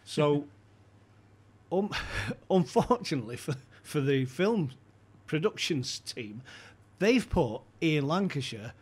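A man, an animated storyteller who laughs between lines while chatting on a podcast. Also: a little high, takes it slowly, slightly rough. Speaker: podcast guest. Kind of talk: casual chat.

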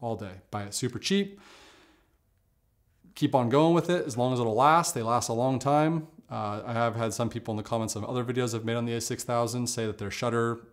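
A man talking casually in a camera review vlog, relaxed and conversational, with lots of fillers and asides. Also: mid-range voice, brisk.

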